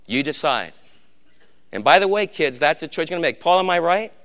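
An older man with a gray beard preaching a sermon, urging his congregation and swinging between hushed warnings and shouted exhortation. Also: fairly high pitch, sing-song, fairly quick. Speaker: pastor.

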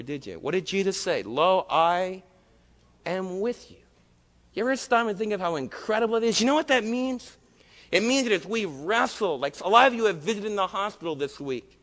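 A man's voice: medium pitch, a bit bright. A man preaching a sermon in a church, emphatic and full of rhetorical questions. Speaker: pastor. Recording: long hall reverb.

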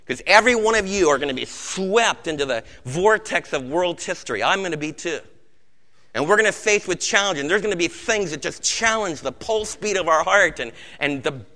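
An American man preaches with fervor, his high, bright voice rising to loud outbursts and dropping to hushed tones. The sound carries a long reverb from a large hall. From United States. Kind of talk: sermon.

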